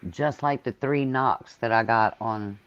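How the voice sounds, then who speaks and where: A man's voice: medium pitch, a little slow, fairly bright tone, clean tone. A man joining as a guest on a muffled remote line, reacting with short questions during a casual chat.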